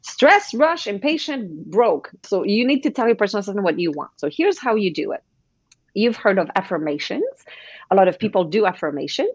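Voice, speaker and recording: Female coach guest, animated and expressive. Husky tone, muffled sound. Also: medium pitch, fairly quick, no room sound. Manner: animated, acts out quoted voices. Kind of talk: podcast interview.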